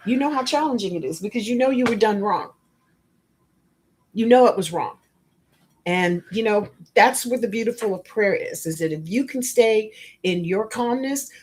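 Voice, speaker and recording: A woman's voice: a little high, darkish tone, slightly rough. A woman spiritual life coach hosting a motivational podcast, speaking emphatically and bluntly and addressing listeners directly. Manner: emphatic, blunt, with frank asides.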